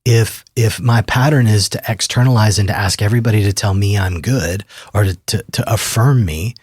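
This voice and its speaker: A man in his fifties, a therapist and author, talks as a guest on an interview podcast in a calm, measured way. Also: lowish voice, husky, dry recording, studio quality.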